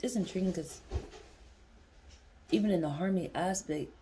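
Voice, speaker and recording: A woman's voice: on the low side, moderate pace, dark tone, a little hiss or hum. A young woman reading tarot cards in a casual vlog, talking bluntly and swearing freely as she thinks aloud. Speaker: tarot reader.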